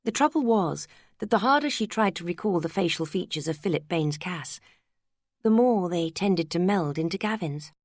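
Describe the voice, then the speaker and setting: A woman reads a novel aloud in a measured, even narration. Her voice is low and steady. The sound is dry and close, as from a studio mic. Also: no room sound. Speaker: audiobook narrator. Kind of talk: scripted narration.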